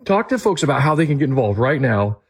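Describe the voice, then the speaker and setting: A man hosting a talk show interview, earnest and animated. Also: medium pitch, fast, husky. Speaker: host.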